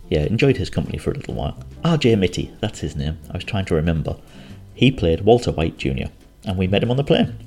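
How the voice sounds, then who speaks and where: A deep-voiced man recalls a trip in an easygoing, rambling way, stopping now and then to correct himself. Soft music plays faintly behind him. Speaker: travel storyteller. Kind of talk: casual travel recollection.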